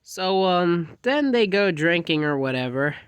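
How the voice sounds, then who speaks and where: A man's voice: high-pitched, animated, a little slow, clear, resonant tone, no echo. A man casually telling a rambling fan story, jumping animatedly into quoted dialogue.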